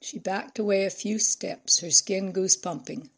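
A woman reading a novel aloud in measured, expressive scripted narration. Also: mid-range voice, breathy edge. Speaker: audiobook narrator.

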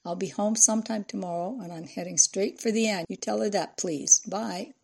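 A woman voicing a distraught middle-aged female journalist, blunt and angry on the phone, with a husky, gravelly voice. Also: mid-range voice, normal speed, a little mellow. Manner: frantic, angry outbursts on the phone.

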